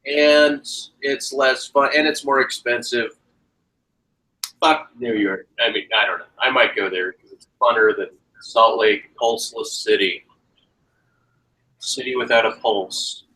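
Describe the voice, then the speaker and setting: Bright-voiced joking male host. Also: medium pitch, poor audio. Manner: rambling, joking, prone to sarcastic rants. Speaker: podcast host. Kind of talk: casual chat.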